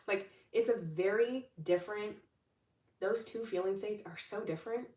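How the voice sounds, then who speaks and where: A woman's voice: medium pitch, moderate pace, darkish tone. A young adult woman talking casually as a manifestation coach on a livestream, upbeat and chatty, with lots of fillers and restarts. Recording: roomy echo, distant from the mic.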